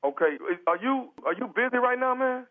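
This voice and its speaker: A man's voice: very high voice, expressive, moderate pace. A man playing a stranded man stuck numb on a toilet in a prank phone call, pleading and calling everyone "man" and "dog". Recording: tinny phone line.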